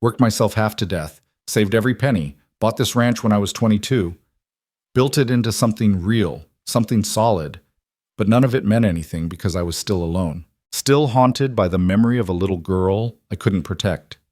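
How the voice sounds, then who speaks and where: A man voicing a gentle, earnest cowboy rancher whose quiet voice is rough with old grief. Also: lowish voice, normal speed, dry recording, clean studio sound, close to an everyday voice. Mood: grieving. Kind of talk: audiobook character reading.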